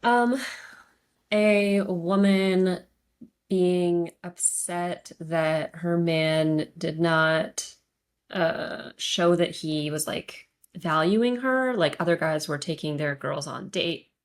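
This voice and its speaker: A woman's voice: lowish voice, extremely slow. A woman co-hosting a podcast, talking in a casual, thoughtful way with many fillers. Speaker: podcast co-host. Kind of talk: casual chat.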